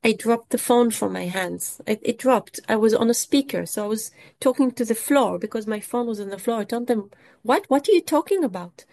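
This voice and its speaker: Woman recounting with halting intensity. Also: on the high side, creaky, darkish tone. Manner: halting, repeats and restarts words, pleading. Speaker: speaker giving a personal testimony. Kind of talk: emotional first-person testimony.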